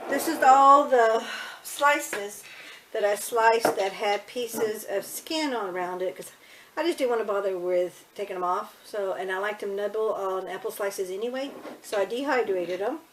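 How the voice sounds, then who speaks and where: Recorded at home in her kitchen and dining room, a woman with a mid-range voice talks casually through a cooking how-to at normal speed over a noisy background. She's homey and loose, often correcting herself as she goes.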